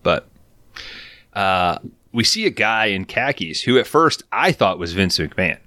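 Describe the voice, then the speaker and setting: A man's voice: fairly low pitch, measured pace, dry recording, clean studio sound. A man co-hosting a podcast, telling stories in casual, profane chat. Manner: profane, storytelling, animated quotes. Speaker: podcast co-host. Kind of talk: casual chat recapping a show.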